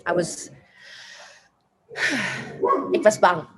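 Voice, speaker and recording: A woman's voice: mid-range voice, extremely slow, husky, poor audio. A woman in her late thirties or older with a South African accent, a guest in an interview telling a personal story earnestly and emotionally, repeating phrases for emphasis. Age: late 30s or older.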